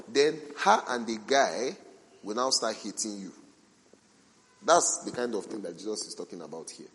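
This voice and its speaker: A man preaching a sermon as a pastor, telling animated everyday stories, asking rhetorical questions and acting out the people he quotes. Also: fairly low pitch, moderate pace, slight background noise. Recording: long reverb from a large hall.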